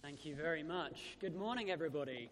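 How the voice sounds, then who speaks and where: A vicar in his thirties preaches an Easter sermon, telling stories and pausing on "uh" fillers. His voice sits high for a man and carries a long reverb from a large church space, with a faint low rumble underneath. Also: expressive. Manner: warm storytelling with frequent "uh" fillers.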